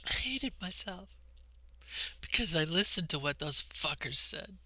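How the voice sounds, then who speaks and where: A middle-aged woman vlogging a personal monologue, impassioned and conversational, often checking in with a quick "okay?". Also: on the low side, lively intonation, bright, forceful tone, no room sound.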